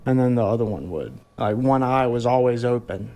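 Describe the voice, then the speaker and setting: A man telling a frightening personal experience in a halting way, often restarting his sentences. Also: medium pitch, a little mellow, a little hiss or hum. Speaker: eyewitness telling his story. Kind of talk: personal storytelling.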